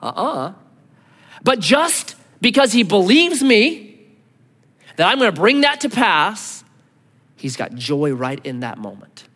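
A man in his thirties preaching a sermon as pastor, animated, acting out voices and swinging between loud and soft. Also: high voice, takes it slowly, long pauses. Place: large church hall. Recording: long hall reverb.

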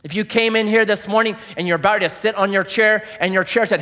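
A man preaching a sermon, telling a story dramatically, dropping to a hush and rising loud. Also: sits high, quick pace, hardly any pauses. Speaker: pastor. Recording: long hall reverb.

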